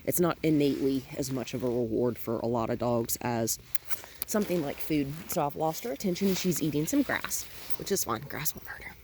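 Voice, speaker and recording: A young adult woman, a dog trainer, calmly explaining a training session outdoors in a park, mixing in cooing praise for the dog. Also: extremely low pitch, brisk, a little hiss or hum.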